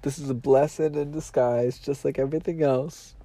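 A man's voice: mid-range voice, steady tone, normal speed, warm tone, no room sound. A man hosting a podcast in a casual monologue, nasal and teary from crying, talking in a profane, dramatic and emotional way. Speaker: podcast host.

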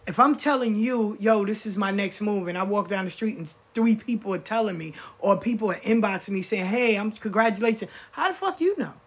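A woman speaks in a loose, personal monologue. Her voice sits at a middle pitch. She hammers home her points and repeats phrases as she replays conversations. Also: expressive, fairly quick, hardly any pauses, husky. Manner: emphatic, repeats phrases, quotes people in conversation. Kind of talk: casual monologue.

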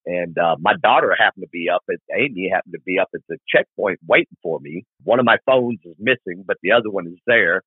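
A man's voice: low-pitched, fast, hardly any pauses, husky, no echo, narrow, tinny audio. A middle-aged man from Arkansas, rambling through a long motorcycle story as a podcast guest and acting out the people in it. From Arkansas, USA. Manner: rambling, animated retelling with quoted dialogue. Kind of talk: casual storytelling.

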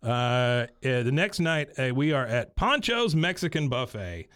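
A man's voice: medium pitch, very animated, a little slow, fairly bright tone, dry recording, clean studio sound. A man, casually recapping a TV episode with many fillers and asides. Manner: rambling retelling with many fillers and laughs. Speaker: podcast host recapping an episode. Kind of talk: casual chat.

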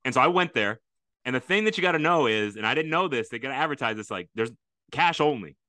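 A man's voice: medium pitch, animated, quick pace, bright, forceful tone, no room sound. A man hosting a casual podcast interview, chatting with enthusiasm. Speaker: podcast host.

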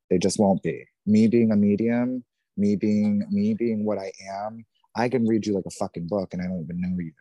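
A man's voice: low-pitched, dark tone, no room sound. A man in his thirties, a podcast guest, telling a painful personal story in a raw, intense way, swearing often and repeating himself. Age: 30s.

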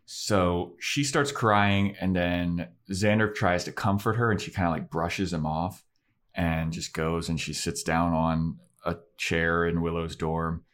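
A man's voice: low voice, fairly even intonation, measured pace, fairly bright tone. A young man co-hosting a podcast, casually retelling an episode scene by scene, acting out quotes with swearing. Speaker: podcast co-host. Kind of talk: casual chat recapping an episode.

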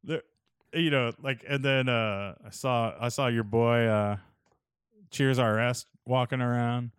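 A man's voice: medium pitch, steady tone, unhurried, clear, resonant tone, dry recording, studio quality. Laid-back young man telling stories. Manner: laid-back storytelling, lots of "like" and "dude". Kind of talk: casual chat.

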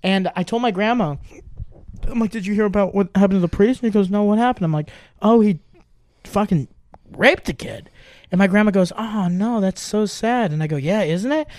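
A high-voiced man from Germany, chatting casually as a comedian and acting out every person in his stories. The sound is close and dry, with no room around him. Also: a little fast, no room sound. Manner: animated storytelling with quoted voices. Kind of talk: casual podcast chat.

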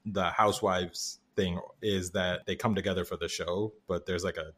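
A man's voice: deep voice, moderate pace, slightly rough. A man co-hosting a podcast, asking questions and ranting with exasperation in casual chat. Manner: animated, exasperated rants. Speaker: podcast co-host.

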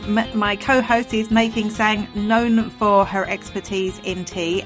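A woman's voice: medium pitch, fairly bright tone. Chatty woman hosting a podcast. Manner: chatty, upbeat, lots of asides. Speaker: podcast host. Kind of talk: casual chat.

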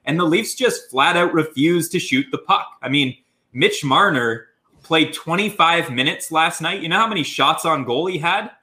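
A man co-hosting a hockey podcast, recapping a game in a loose, animated way with a voice strained from screaming. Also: a little high, normal speed. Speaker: podcast co-host. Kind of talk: casual sports podcast chat.

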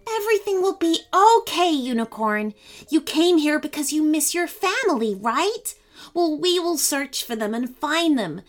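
Young fairy girl, brave and eager, very high, lively pitch, read by a woman. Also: slow, heavily acted. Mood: soothing. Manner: eager, pleading.

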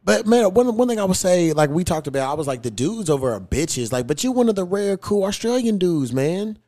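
This is a man, chatting on a podcast as host. His voice sits a little high and sounds mellow and relaxed as he tells rambling, profane stories packed with slang. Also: brisk. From United States. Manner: loose storytelling, heavy slang and swearing. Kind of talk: casual profane chat.

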